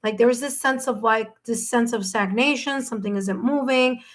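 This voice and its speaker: Woman, tarot reader, fairly high voice, gentle, reassuring, live-stream chat. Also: normal speed. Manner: gentle, reassuring, says "okay?" and "my dear" often. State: hiccups.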